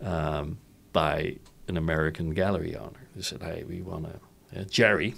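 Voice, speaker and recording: A middle-aged man with a Dutch accent, a company founder telling stories about his childhood in a casual interview, animated, laughing often and asking "right?". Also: extremely low pitch, normal speed, vocal fry, a little hiss or hum. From Netherlands.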